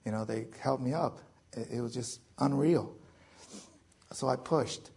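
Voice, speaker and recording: A man's voice: mid-range voice, measured pace, darkish tone, breathy edge. A man in his forties telling his own survival story to an audience in a loose, joking way, full of fillers. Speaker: veteran speaker.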